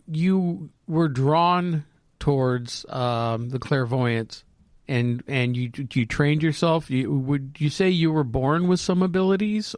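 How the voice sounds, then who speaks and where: A man's voice: mid-range voice, no room sound, studio quality. An American man co-hosting a casual interview, stumbling and restarting his questions. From United States. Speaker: podcast co-host.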